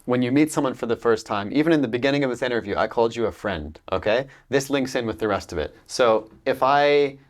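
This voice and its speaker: A man with a Californian American accent, an accent coach talking casually in an interview, animated, with many fillers and restarts. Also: medium pitch, quick pace, few pauses.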